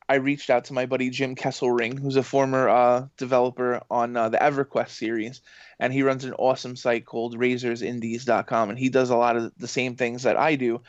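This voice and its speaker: An excitable man chats his way through long, rambling stories as a podcast guest, filling them with fillers and quick acted-out quotes. His pitch sits in the middle of the range. The sound is dry and a little muffled, with no room around it. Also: no echo. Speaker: voice actor and games journalist guest. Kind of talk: casual podcast storytelling.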